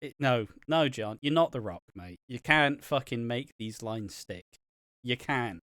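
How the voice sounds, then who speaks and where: A man's voice: mid-range voice, expressive, measured pace, fairly bright tone, no echo, studio quality. A man co-hosting a wrestling review podcast, chatting casually with sarcastic, sweary asides and frequent laughs. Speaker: podcast co-host.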